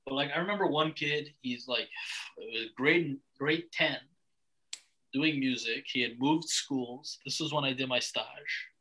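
Bright-voiced blunt young man. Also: medium pitch, unhurried, breathy edge, poor audio. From Canada. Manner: blunt, swears freely, rambling restarts. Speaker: podcast host. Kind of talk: casual chat.

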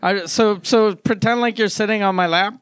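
A man's voice: sits high, steady tone, normal speed, fairly bright tone, clean tone, no echo. A man doing an improvised comedy bit, talking in a crude, joking way with slurred-sounding speech.

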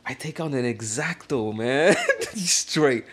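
A young man in a casual chat, telling an animated, slangy story and acting out the lines of people in it. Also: medium pitch, slow pace.

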